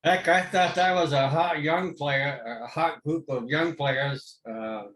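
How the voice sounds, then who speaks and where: A man's voice: a little high, takes it slowly, fairly bright tone. An older man giving rambling praise for a song in casual chat. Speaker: guest. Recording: roomy audio from far off with faint noise.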